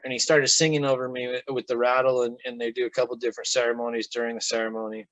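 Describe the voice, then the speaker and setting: A man's voice: medium pitch, racing, hardly any pauses, no room sound, poor audio. A man, a guest in an interview, telling a personal story casually and acting out what people said. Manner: animated, acts out quoted speech.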